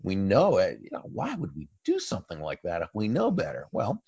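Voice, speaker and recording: A man with a very low voice talks through his answers as an interview guest, pausing and restarting as he thinks. The sound is dry and a little dull, like a lo-fi remote line. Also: huge pitch swings, creaky, darkish tone, husky, no echo. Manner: thoughtful, speaks in long pauses and restarts. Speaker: interview guest, author and speaker. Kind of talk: storytelling conversational answers.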